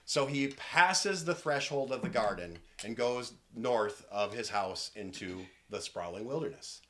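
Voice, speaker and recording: Bright-voiced man narrating a tabletop game. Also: medium pitch, lively intonation, a little slow. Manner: hesitant storytelling with restarts. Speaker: game master.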